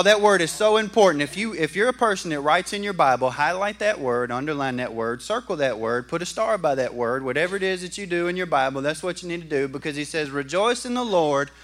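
A man preaching a sermon in a folksy, animated way and asking the congregation questions. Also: sits high. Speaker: pastor. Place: church.

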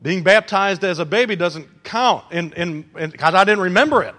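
A preacher with a high, bright voice delivers an animated sermon, teasing the congregation and acting out quotes. His words ring out with a long reverb in a church hall. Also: normal speed.

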